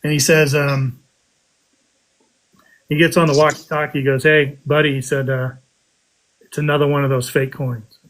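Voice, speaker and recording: A man casually telling a story on a podcast, animated, with his voice jumping up high when he quotes himself. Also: moderate pace, pauses often, rough recording. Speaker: podcast guest telling a metal detecting story.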